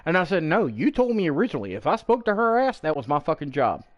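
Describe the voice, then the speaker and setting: Profane, animated male streamer telling a story. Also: fairly high pitch, fast, dull audio. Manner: profane, animated, acts out quoted people in the story. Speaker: gaming streamer. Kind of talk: casual storytelling chat on stream.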